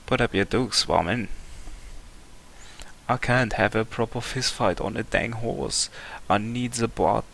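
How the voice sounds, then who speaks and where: A boastful, grumbling old duck tycoon, as a man puts him on in a homemade comic reading. The voice is deep and gravelly but has a sharp, bright edge. His talk is full of gruff exclamations. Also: a little slow, slight background noise. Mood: blustering. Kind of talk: fan reading of a comic, voicing characters.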